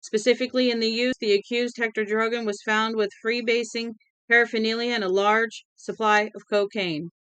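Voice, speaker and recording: Woman voicing shrill male herald, high and fast like an auctioneer, crisp tone, storybook. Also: fairly even intonation, pushed and bright, no echo. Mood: shrill proclaiming. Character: shrill male herald reading a death order.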